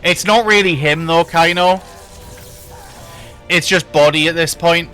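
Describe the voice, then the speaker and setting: A man's voice: fairly high pitch, measured pace, bright, forceful tone, soft background music. A man giving casual, joking commentary while streaming a game and chatting with viewers. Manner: joking, laughs, chats with viewers.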